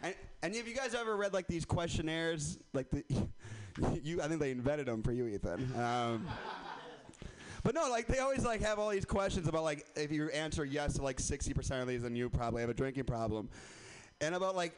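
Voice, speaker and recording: A man with a high voice works through a loose, self-deprecating stand-up set at a small club mic. He rambles and laughs at his own lines. A faint hiss sits under the recording. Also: expressive, fairly quick. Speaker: stand-up comedian. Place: comedy club open mic. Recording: faint background noise.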